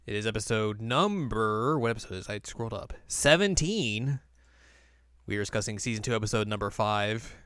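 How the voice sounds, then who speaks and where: A man's voice: fairly low pitch, expressive, normal speed, fairly bright tone, smooth, no room sound, studio quality. A young man hosting a podcast, casually recapping an episode and acting out lines in silly voices. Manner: chatty, acts out quotes in silly voices. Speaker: podcast host.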